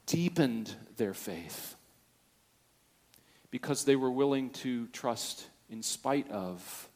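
A man pastor preaching a sermon, swinging from hushed, near-whispered passages to loud, fervent peaks as he acts out the quotes he tells. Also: medium pitch, expressive, takes it slowly.

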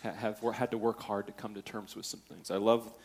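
A man pastor preaching a sermon, swinging from hushed, near-whispered passages to loud, fervent peaks as he acts out the quotes he tells. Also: fairly low pitch, steady tone, brisk, husky.

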